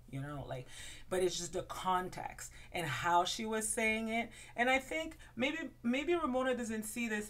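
A woman hosts a casual gossip commentary in a chatty, meandering way. Her voice sits on the lower side for a woman. She speaks loosely, with frequent fillers and restarts as she thinks aloud. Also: a bit bright. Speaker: host.

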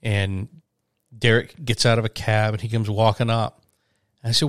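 A man's voice: fairly low pitch, level tone, moderate pace, no room sound, clean studio sound. A man telling a story in casual chat, rambling with fillers and restarts.

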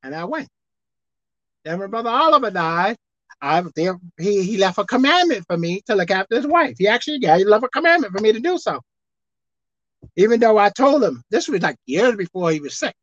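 A woman pastor preaching a sermon, swinging from soft, quiet asides to shouted emphasis. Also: mid-range voice, very animated, fairly quick, no room sound. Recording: dull dry sound.

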